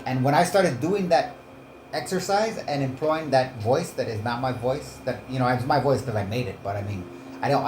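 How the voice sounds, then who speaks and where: A man's voice: medium pitch, background noise. A man giving rambling, profane casual commentary as he reacts to clips, often breaking off and restarting his sentences. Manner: meandering, profane, self-interrupting. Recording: roomy echo.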